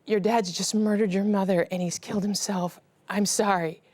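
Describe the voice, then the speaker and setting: A middle-aged woman giving an earnest, emotional personal testimony, her voice sinking to a hushed whisper at the painful moments. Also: mid-range voice, steady tone, normal speed, dry recording. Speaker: guest sharing her testimony.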